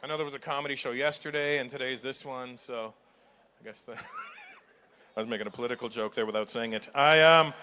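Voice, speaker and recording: A middle-aged stand-up comic works the crowd live on stage, ribbing the audience and laughing at his own jokes. His mid-range voice is steady, bright and forceful, moving a little fast. Crowd and hall noise from the comedy venue fill the recording.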